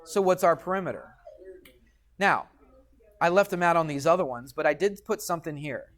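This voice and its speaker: A man's voice: fairly high pitch, moderate pace, a bit bright. A man teaching a geometry lesson in a classroom, patient and chatty, often checking in with the students. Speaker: high school math teacher.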